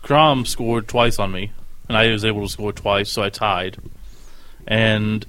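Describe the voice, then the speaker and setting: A man's voice: fairly low pitch, steady tone, a little slow, a bit bright. A man appearing as a guest on a casual game podcast, recounting his tournament games in a dry, matter-of-fact way.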